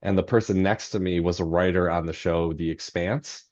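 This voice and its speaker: Male interview guest, lowish voice, rambling and self-deprecating, many fillers, muffled lo-fi sound. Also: steady tone, moderate pace, darkish tone. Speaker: novelist guest. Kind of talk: anecdotal storytelling in podcast interview.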